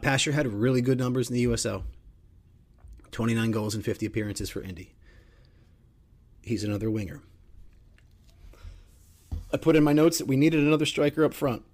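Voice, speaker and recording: A man's voice: medium pitch, a little fast, pauses often, a little mellow. A middle-aged man hosting a podcast, rambling through casual sports talk with crude jokes. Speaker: podcast host.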